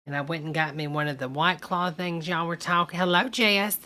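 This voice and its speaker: A woman's voice: fairly low pitch, fairly even intonation, moderate pace, pushed and bright. An older woman, hosting a casual live stream and chatting folksily with viewers, calling everyone honey.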